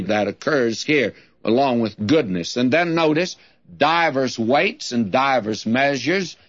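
Slow older male Bible teacher. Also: mid-range voice, fairly bright tone. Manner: slow, deliberate, reads scripture then explains it. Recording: dull lo-fi sermon recording.

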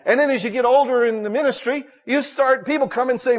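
High-voiced man preaching in a hall. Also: fast talker, few pauses. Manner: folksy, jokey preaching with quoted asides. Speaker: pastor. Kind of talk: sermon. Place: church.

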